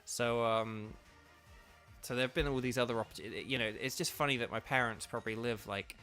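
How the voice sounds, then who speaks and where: A man talks through a game playthrough in a loose, rambling way, full of ums and restarts. His voice sits at a middling pitch, conversational and easygoing. Faint game music plays underneath. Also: steady tone, fairly quick, sharp tone. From England. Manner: rambling, chatty, many fillers. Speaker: streamer and voice actor. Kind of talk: casual let's-play commentary.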